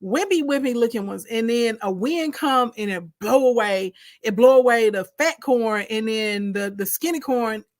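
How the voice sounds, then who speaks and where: A woman casually retelling a Bible story in animated, slangy, conversational speech. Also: fairly high pitch, normal speed, no room sound.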